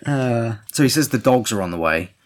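A man's voice: mid-range voice, animated, normal speed. A man recapping a movie in casual chat, rambling and swearing a lot and acting out characters' lines. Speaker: podcast co-host.

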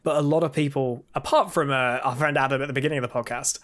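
A man's voice: mid-range voice, fairly even intonation, fast talker. A man co-hosting a podcast, talking casually and rambling with many restarts. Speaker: podcast co-host.

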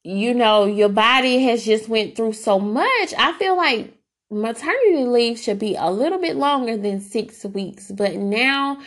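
A woman's voice: a little high, animated, measured pace, fairly bright tone. A young adult woman hosting a podcast, telling personal stories in a candid, casual way with fillers and restarts. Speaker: podcast host.

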